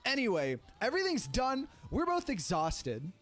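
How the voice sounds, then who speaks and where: A young man streamer telling a story casually, rambling and animated, with lots of "like" fillers and the odd swear. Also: extremely high pitch, normal speed, faint music behind.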